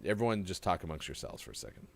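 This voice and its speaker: A man's voice: sits low, very fast, creaky. A man hosting a morning show, chatting casually and joking with a co-host in a rambling way. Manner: lively, joking, rambling delivery. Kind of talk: casual live-stream radio chat.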